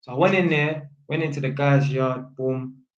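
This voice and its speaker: A man's voice: medium pitch, normal speed. A young man with a London accent tells a story in casual street slang, ending almost every line with "innit". He acts out the voices of people he quotes as he goes. The recording sounds roomy and a little muffled. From England. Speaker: vlogger.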